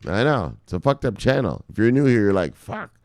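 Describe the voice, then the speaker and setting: Deep-voiced man ranting in a dry room. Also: very animated, fast, darkish tone, no echo. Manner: ranting, swearing, laughing asides. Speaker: crypto news vlogger. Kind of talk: casual profane news commentary.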